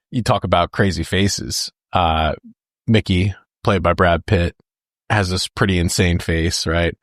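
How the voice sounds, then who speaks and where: A man with a deep, low voice riffs casually about a film with a co-host, laughing easily and leaning on fillers. The sound is dry and close, with no room around it. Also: dry recording. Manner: enthusiastic, laughs often, loose filler-heavy talk. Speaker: podcast co-host. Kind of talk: casual movie review chat.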